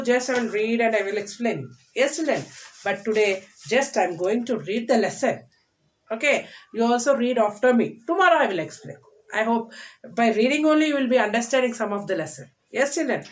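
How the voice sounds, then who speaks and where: High-voiced Indian woman teaching children. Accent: Indian English. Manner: slow, emphatic repetition of words for children; frequent checks like "yes, children". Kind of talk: recorded online class lesson.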